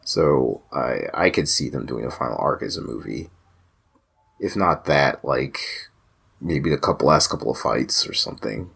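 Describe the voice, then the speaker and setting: A man's voice: rumbling low, moderate pace, gravelly, fairly bright tone, breathy edge. A man co-hosting an anime podcast, talking in an easygoing, joking, hedging way. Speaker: podcast co-host. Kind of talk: casual chat.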